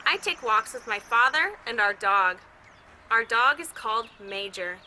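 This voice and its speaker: A woman teacher reads a picture book aloud to children while sitting outdoors with her dog. She stays cheerful and imitates each sound in the story, in a very bright, slightly high voice. Faint outdoor noise hums in the background. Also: expressive, measured pace, rough recording. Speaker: music teacher reading to children.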